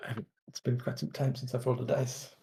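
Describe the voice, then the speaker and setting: A man's voice: medium pitch, level tone, brisk, creaky, mellow. A man playing his character in a tabletop game, narrating actions with a friendly manner. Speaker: player.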